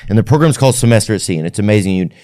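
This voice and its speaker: A man's voice: on the low side, rapid-fire, dry recording, clean studio sound. A man hosting a podcast, telling rambling stories in casual chat and swearing freely. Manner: rambling storyteller, swears, lively. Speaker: podcast host.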